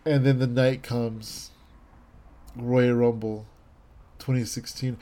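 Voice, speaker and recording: A man's voice: mid-range voice, little pitch movement, takes it slowly, long pauses, mellow. A man in his thirties in casual chat, rambling and enthusiastic, with many fillers and restarts.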